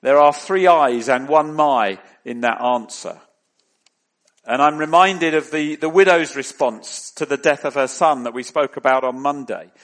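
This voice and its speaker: A man preaching a sermon in a measured, deliberate way, rising into emphatic questions. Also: a little high, fairly bright tone.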